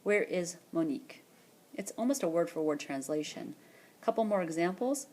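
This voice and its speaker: A woman teacher narrating a screencast lesson, explaining patiently and repeating French words slowly for practice. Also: on the low side, animated, darkish tone. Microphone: tablet or headset mic for screencast voice-over.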